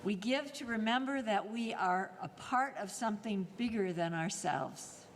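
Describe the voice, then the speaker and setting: A woman in the role of lay worship leader reads the offertory in a steady, formal manner. Her voice sits in an ordinary middle range. It rings out into a church hall with a long tail of reverb and faint room ambience underneath. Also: medium pitch, a little hiss or hum. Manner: measured, formal invitation to give. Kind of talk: reading the offertory. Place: church sanctuary.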